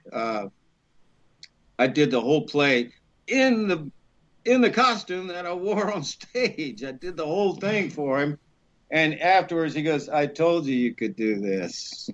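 A middle-aged actor from Alabama telling rambling, animated stories in a podcast interview, acting out quotes with many fillers. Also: male voice, fairly high pitch, a little slow, dull audio. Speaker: actor guest.

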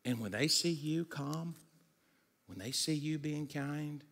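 A pastor's slow, gravelly voice trails off into a long reverb tail as he delivers an energetic, conversational sermon. He mixes in humor and stammered restarts, occasionally lowering his voice to a quiet hush for serious moments.

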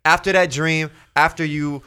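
A man's voice: a little high, fairly even intonation, moderate pace, heavy background noise. A man hosting a casual interview, who laughs easily and talks in a loose, rambling way. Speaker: host.

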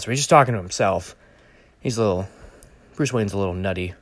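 A man's voice: lowish voice, fairly even intonation, quick pace, fairly bright tone, no room sound. A man casually talking through a movie trailer on his own, rambling with many fillers and joking asides. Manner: rambling, lots of fillers and restarts, jokey. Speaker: vlogger reviewing a movie trailer. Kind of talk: casual solo commentary.

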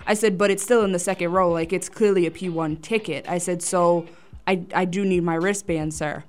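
A young woman co-hosting a podcast, telling a story in animated casual chat and acting out what people said. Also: on the low side, brisk. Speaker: podcast co-host.

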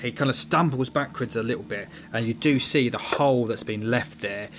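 A man's voice: medium pitch, moderate pace. A man running a tabletop horror game as game master, narrating in a loose, rambling, self-mocking way. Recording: noisy background.

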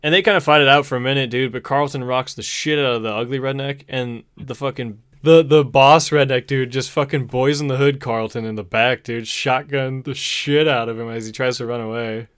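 A young man hosting a casual talk show, excitedly and profanely retelling a movie plot and saying "dude" often. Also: medium pitch, a little fast, few pauses, smooth, no room sound, studio quality. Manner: excitable, profane storytelling, says "dude" a lot. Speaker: podcast host. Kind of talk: casual movie recap chat.

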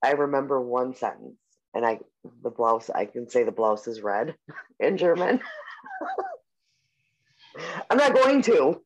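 The pitch is medium but swings widely, and the pace is a little slow with long pauses. It's a forties-aged podcast co-host rambling in casual chat, leaning on "like" and "um" and swearing casually, recorded in muffled lo-fi.

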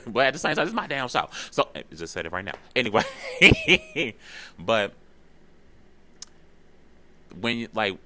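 A man hosting a podcast, talking in a casual, expressive monologue with slang and free swearing. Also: mid-range voice, unhurried, long pauses. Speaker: podcast host.

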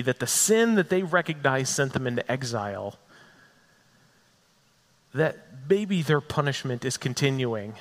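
A man's voice: medium pitch, fairly bright tone. A man preaching a sermon with a dramatic delivery full of repetition, rising and falling for emphasis. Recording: echoey hall with long reverb.

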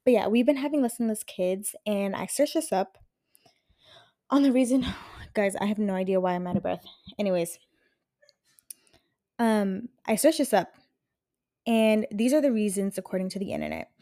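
A woman's voice: mid-range voice, big pitch swings, normal speed, long pauses, mellow, no room sound, clean studio sound. A young woman hosting a podcast in casual chat, rambling, frank and profane. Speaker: podcast host.

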